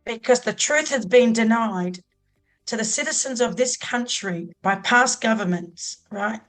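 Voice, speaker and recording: A woman's voice: on the high side, a little slow, a bit bright, soft background music, low-quality recording. A middle-aged Australian woman, a podcast guest speaking earnestly and with heartfelt emphasis. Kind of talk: podcast interview.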